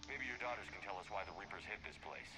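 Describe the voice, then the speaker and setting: A man's voice: fairly low pitch, fast, bright, forceful tone. An actor playing Shepard, a male soldier commander who talks in a direct, clipped way. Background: game music.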